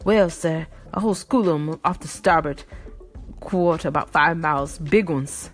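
A woman voicing a rough ship's mate who shouts a bluff sailor's report. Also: low-pitched, normal speed, soft background music, close to an everyday voice. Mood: eager. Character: rough ship's mate, man, eager and loud.

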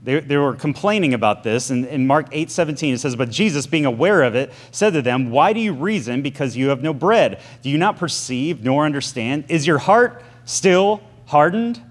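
A man's voice: medium pitch, brisk, hardly any pauses. A man in his thirties preaching a casual sermon, telling stories and acting out quotes with a shifting voice. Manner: storytelling, animated, acts out quotes with shifting voice.

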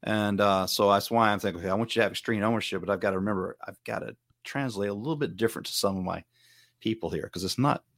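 A man's voice: fairly low pitch, fast, a bit bright, no echo, studio quality. A middle-aged man from the Southern United States, a martial arts instructor, talking in an earnest, rambling way in a casual podcast chat. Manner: rambling, earnest, self-correcting.

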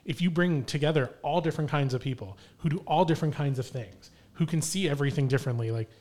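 Quick-talking male podcast host. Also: on the high side, darkish tone. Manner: reflective, uses lots of "like" and "right". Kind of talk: casual chat.

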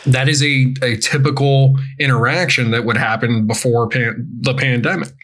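A man co-hosting a podcast in casual chat, frank and quick to laugh, swearing casually. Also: mid-range voice, steady tone, a bit bright. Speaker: podcast co-host.

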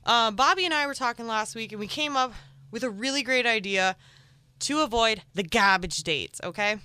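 A hungover woman in her twenties co-hosts a casual podcast chat, animated, jokey, and repeating herself. Her voice sits fairly high, comes at a normal speed, and sounds clear and resonant with no echo.

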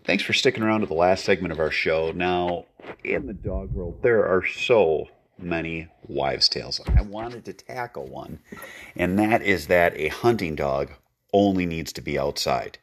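Deep-voiced man giving dog-training tips. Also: measured pace, fairly bright tone, slight background noise. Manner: practical, instructive, folksy. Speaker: podcast host, dog trainer. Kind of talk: training tip segment.

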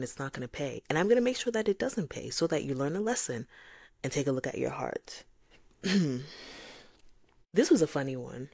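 A woman's voice: extremely low pitch, moderate pace, no echo. A woman from Nigeria hosting a faith-based podcast, talking reflectively and acting out voices of others. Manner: animated, acts out voices of God and others. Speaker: podcast host.

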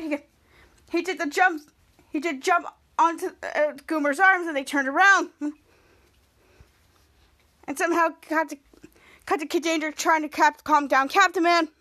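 Female podcast host, high voice, casual recap, halting and repetitive delivery. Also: pushed and bright. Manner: halting, repetitive retelling with many restarts and "cut to".

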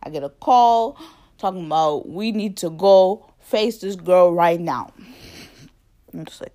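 A woman's voice: on the low side, a little slow, mellow. A young woman casually telling a story to the camera, full of fillers and quoted dialogue, laughing often.

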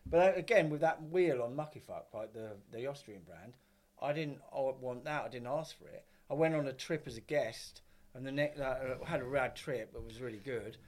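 A man in his fifties chats loosely as a podcast guest. He rambles, swears freely and acts out what people said to him. His voice sits at an ordinary middle pitch. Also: normal speed, a little mellow. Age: 50s. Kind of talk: casual chat.

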